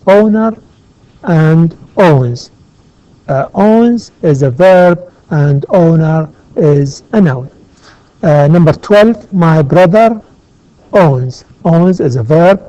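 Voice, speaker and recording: A man teaching an English grammar lesson, slow and methodical, pausing often with "uh" and glossing words in Arabic. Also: on the high side, warm tone, no room sound. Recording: dull lo-fi sound.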